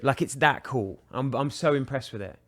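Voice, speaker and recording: A man's voice: mid-range voice, moderate pace, a bit bright. A man with a British accent, talking as a guest on a casual podcast in a chatty, enthusiastic way with frequent restarts. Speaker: guest, watch brand director.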